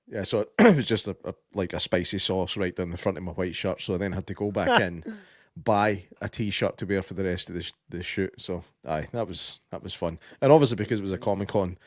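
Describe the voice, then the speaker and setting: A man's voice: low voice, a little fast, no room sound, clean studio sound. A young man co-hosting a film-review podcast, chatting casually and laughing often as he tells stories. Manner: animated, laughs often while telling stories. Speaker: podcast co-host.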